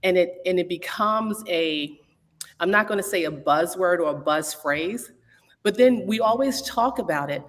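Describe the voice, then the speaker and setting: A woman with a somewhat low voice, heard with a long reverberant trail. She speaks in a measured, instructive way. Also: expressive. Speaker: studio owner panelist.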